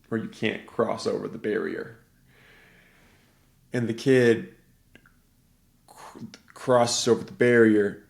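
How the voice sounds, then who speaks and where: A man hosting a podcast, casually and excitedly retelling a film with lots of "like" fillers. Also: on the low side, vocal fry. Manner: rambling, animated movie retelling full of "like". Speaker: podcast host.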